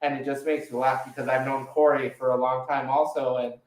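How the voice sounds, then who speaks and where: A man hosting a podcast, chatting casually and telling rambling, profane stories, with lively quotes of other people. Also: mid-range voice, brisk, reverberant, rough recording. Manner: animated when quoting others. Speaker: podcast host. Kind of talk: casual chat.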